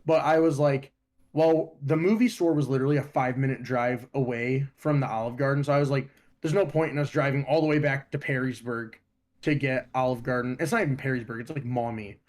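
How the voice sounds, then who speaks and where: Young man, from Ohio, podcast co-host, casual chat, profane, animated storyteller. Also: medium pitch, a little fast. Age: young adult.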